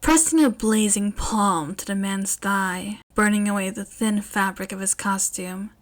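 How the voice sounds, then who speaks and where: Female podfic reader, expressive narration, lively and chatty. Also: medium pitch, unhurried. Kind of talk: fan fiction podfic narration.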